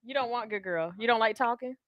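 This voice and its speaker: A woman's voice: a little high, quick pace, no room sound, highs cut off. A woman co-hosting a radio talk show, telling stories with lots of giggling. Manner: giggly, animated storytelling. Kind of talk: casual chat.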